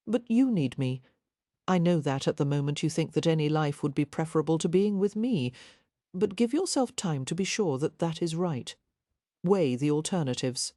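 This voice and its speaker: Lady narrator doing a calm earnest young gentleman, pleading soft and patient, low dark voice, dry sound. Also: dry recording.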